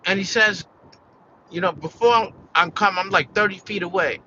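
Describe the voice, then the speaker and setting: A man's voice: sits high, normal speed, bright, forceful tone, dull audio, slight background noise. An American man venting in a casual, rambling vlog rant, peppered with "like" and "you know" and swearing. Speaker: vlogger.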